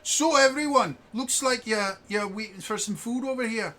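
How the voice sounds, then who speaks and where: A man voicing a cheerful male camp cook with a Cockney accent, in a high, bouncy put-on voice. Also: normal speed, pushed and bright.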